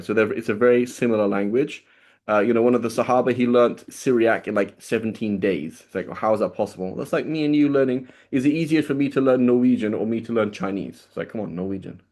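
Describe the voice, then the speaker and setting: A man's voice: on the low side, quick pace, darkish tone. A man teaching a class in a casual, chatty way, often checking in with students and asking them questions. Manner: casual, checks in with "right?" constantly. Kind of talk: classroom lecture.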